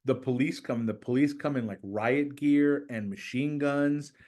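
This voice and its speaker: Middle-aged pastor guy telling stories, gets lively, jumps way up in pitch doing other people's voices. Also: measured pace. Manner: animated, acts out quoted voices with raised pitch. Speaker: church planter, podcast guest. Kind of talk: storytelling in conversation.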